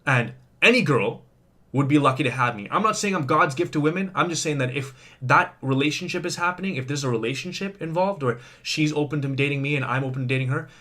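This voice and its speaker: A man's voice: a little high, quick pace, pushed and bright. Man vlogger, worked up and rambling, defensive monologue. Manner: agitated, rambling, self-justifying. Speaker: vlogger in a reacted-to clip. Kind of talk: venting monologue to camera.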